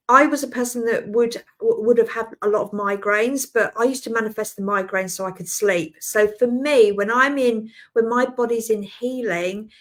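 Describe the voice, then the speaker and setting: An Australian woman in her forties, a spiritual healer chatting casually on a live stream, rambling, laughing often and answering viewers by name. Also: fairly high pitch. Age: 40s.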